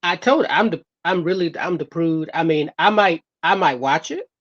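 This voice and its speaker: A man's voice: on the high side, animated, moderate pace, fairly bright tone. A man chatting casually as a guest, rambling and repeating himself, heard through a headset mic. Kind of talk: casual podcast chat. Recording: muffled headset audio.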